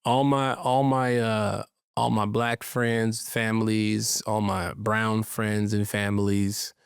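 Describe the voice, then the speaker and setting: A man co-hosting a podcast in casual chat, playful and slangy, jumping into high quoted voices. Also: flat delivery, takes it slowly, gravelly, smooth, no echo, clean studio sound. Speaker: podcast co-host. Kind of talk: casual chat recapping a sitcom episode.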